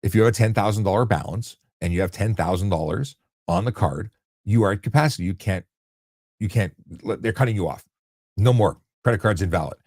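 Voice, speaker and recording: A man's voice: fairly low pitch, fairly quick, darkish tone, husky, no echo, clean studio sound. A man hosting a casual live question-and-answer stream about traffic law, talking bluntly and conversationally with frequent restarts. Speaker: host answering viewer questions.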